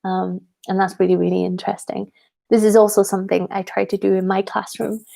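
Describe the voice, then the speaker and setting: Speaking briskly in a level, mid-range voice that is gravelly and mellow, a young woman from Wales hosts a live Q&A for her viewers. She's an English teacher and channel host, casual in tone, with many ums and bits of light laughter.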